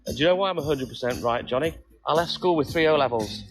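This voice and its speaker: A man's voice: mid-range voice, expressive, fast. A man in his fifties, a milkman chatting casually on a phone live stream and greeting viewers by name. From England. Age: 50s. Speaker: milkman livestreaming. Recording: music playing behind.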